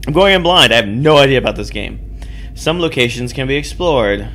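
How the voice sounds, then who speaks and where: In this let's play, the host keeps up chatty, self-deprecating commentary, reading the game's text and occasionally cursing. He talks fairly quickly in a bright, forceful mid-range voice with lively intonation, over a little hiss or hum.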